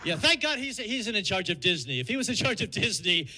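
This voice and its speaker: A man's voice: high-pitched, very animated, a little fast, heavy background noise. A man doing a stand-up comedy set, joking and slipping into impressions, with audience laughter in the room. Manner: jokey, breaks into sung bits and impressions. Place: comedy show venue. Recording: live club mic with audience laughter.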